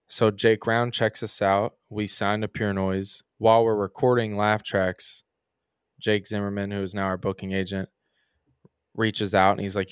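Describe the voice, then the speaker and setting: A man's voice: fairly low pitch, level tone, a little slow, smooth, no room sound. Young man, a musician guest telling rambling stories over a dry close mic in a podcast. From Kentucky. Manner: rambling, frequent "like" and "um" fillers. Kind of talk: casual podcast storytelling.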